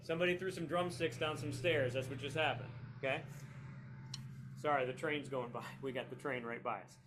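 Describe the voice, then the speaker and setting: A middle-aged man teaching a percussion class in a relaxed, chatty way, with frequent fillers and "okay?" checks. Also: medium pitch, a little fast, over music. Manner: relaxed, chatty, with many fillers and tag questions. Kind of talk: classroom lesson. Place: classroom near a train line.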